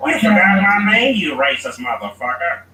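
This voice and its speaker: A man putting on the voice of an indignant man scolding a friend, in a shrill, exaggerated tone. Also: very animated, moderate pace. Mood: outraged. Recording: echoey room, mic far off, faint noise.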